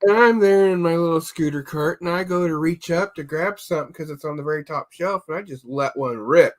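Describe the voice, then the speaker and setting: A man's voice: on the high side, a little fast. A man on a casual streamed podcast chat, telling rambling comic stories and stumbling over repeated words. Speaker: podcast co-host.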